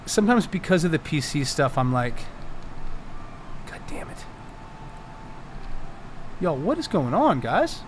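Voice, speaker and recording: Male game-master streamer, high-ish voice, casual and profane, faint hum behind. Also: measured pace, pauses often. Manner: laughing, excitable, swears freely. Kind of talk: casual live-stream chat.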